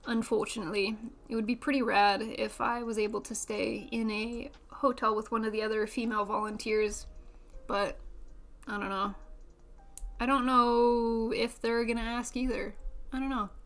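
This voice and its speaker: Chatty young woman, slightly high voice. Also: little pitch movement, moderate pace, a bit bright. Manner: chatty and self-deprecating, laughs often. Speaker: streamer. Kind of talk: casual chat while building a model kit.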